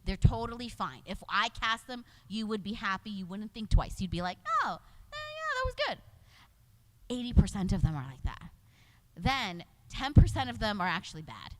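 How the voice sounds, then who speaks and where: A woman's voice: medium pitch, expressive, fairly quick. A middle-aged woman, a voice actor and casting director, chatting casually on a convention panel with frequent laughs.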